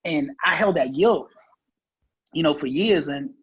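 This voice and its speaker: Husky man telling his story earnestly. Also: a little high, expressive, a little slow, highs cut off. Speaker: guest speaker. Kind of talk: personal story in a podcast interview.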